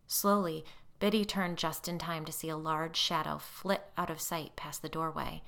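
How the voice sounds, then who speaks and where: Woman storyteller with a gravelly voice. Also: low voice, fairly even intonation, moderate pace, fairly bright tone. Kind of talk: storybook narration.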